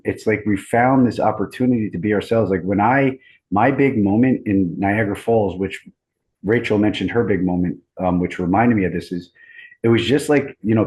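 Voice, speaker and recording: A man in his thirties hosting a group video call, talking in a relaxed, rambling, enthusiastic way. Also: on the low side, poor audio. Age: 30s. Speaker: host.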